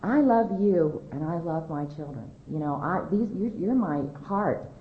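A woman in her forties sharing her personal testimony to a large audience, candid and emotional, laughing often and going high when excited. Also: moderate pace. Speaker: speaker sharing her story at a recovery convention. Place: large convention hall. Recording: echoey hall, dull lo-fi sound, faint noise.

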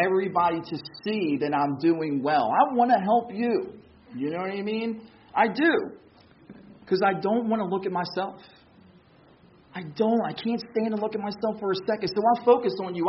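A man's voice: sits high, lo-fi sound, a little hiss or hum. A man giving a personal recovery testimony, candid and self-mocking, acting out what others said to him. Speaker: speaker sharing his recovery story.

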